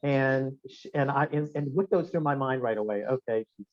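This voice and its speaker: A man giving a seminar talk in a restaurant function room, telling anecdotes in a lively way and quizzing the audience with questions. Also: mid-range voice, normal speed. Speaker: guest speaker. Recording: dull lo-fi room recording.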